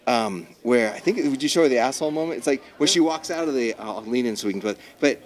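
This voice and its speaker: A man's voice: mid-range voice, expressive, fast talker. Gushing, rambling man at a convention. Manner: enthusiastic, rambling, gushing with restarts. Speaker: showrunner, interview guest. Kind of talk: casual interview chat. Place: busy convention floor.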